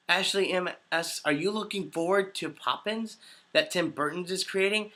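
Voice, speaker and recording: A man in his twenties chatting casually on a livestream, answering viewer comments in an upbeat, easily excited way. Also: high voice, normal speed. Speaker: voice actor hosting a livestream.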